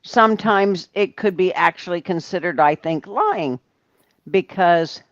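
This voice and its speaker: Older woman from Ohio, livestream co-host; slow, chatty, lower voice, muffled dry audio. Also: no echo. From Ohio, USA. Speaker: livestream co-host reading chat. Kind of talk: casual livestream chat.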